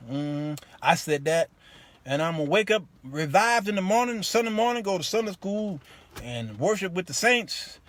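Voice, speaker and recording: Speaking in a high voice at a moderate pace, this male host tells a story over the phone during a casual live stream. He's animated, playing both parts of the conversation himself, first out in the rain and later inside a car.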